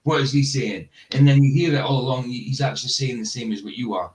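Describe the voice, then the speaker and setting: A man's voice: medium pitch, fast talker, darkish tone, poor audio. A man from Fraserburgh chatting casually while reacting to a video, rambling and laughing often. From Fraserburgh, Scotland. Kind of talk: casual chat.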